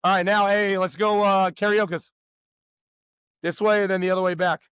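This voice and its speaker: Upbeat man coaching a youth warm-up. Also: sits high, little pitch movement, moderate pace, clear, resonant tone, dry recording, studio quality. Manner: loud, upbeat, teasing. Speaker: pitching coach.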